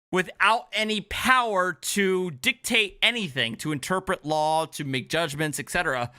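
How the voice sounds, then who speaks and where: A man's voice: sits high, bright, forceful tone, dry recording, studio quality. A man hosting a casual reaction commentary, making sarcastic asides and patiently explaining points. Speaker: commentary channel host.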